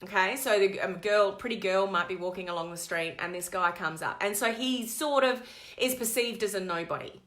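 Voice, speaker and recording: A woman coach talking live to her online community, telling a digressive story in an animated way. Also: mid-range voice, moderate pace. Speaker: network marketing coach. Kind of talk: live-stream chat to viewers.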